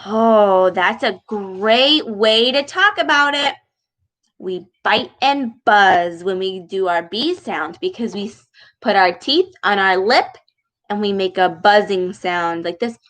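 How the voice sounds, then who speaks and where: A young woman leading a speech lesson for children, animated and exaggerated, with frequent gasps and slow, deliberate words. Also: medium pitch, poor audio. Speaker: speech therapist reading with children.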